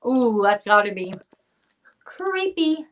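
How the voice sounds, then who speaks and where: A woman's voice: medium pitch, animated, normal speed, a bit bright. A woman co-host with a mid-range voice chats in a wry, easy way during a live stream. She reacts and comments casually.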